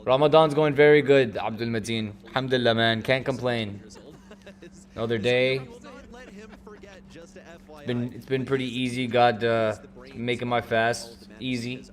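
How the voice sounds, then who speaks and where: Loud, joking young man streaming. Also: mid-range voice, steady tone, unhurried, pauses often. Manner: loud, joking, rambling banter. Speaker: streamer host. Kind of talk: casual chat.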